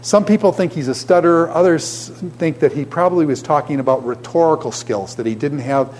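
Male teacher, classroom lecture, animated, asks questions, fairly high voice, faint hum. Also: a little fast.

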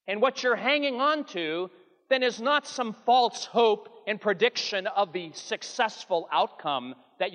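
A man's voice: high voice, fairly bright tone. A man preaching a sermon with earnest, emphatic delivery that rises and falls. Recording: long hall reverb.

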